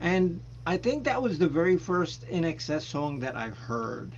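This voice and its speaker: A man's voice: a little high, big pitch swings, measured pace, hardly any pauses. A man hosting a casual music chat over a video call, talking in a playful, joking way. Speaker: host. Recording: dull sound with faint noise.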